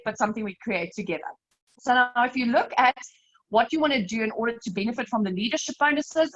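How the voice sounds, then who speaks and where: A woman leading a live slide presentation, explaining step by step in a brisk, emphatic way and often calling her listeners "you guys". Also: fairly high pitch, fairly bright tone, dull audio. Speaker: network marketing team leader presenting a webinar.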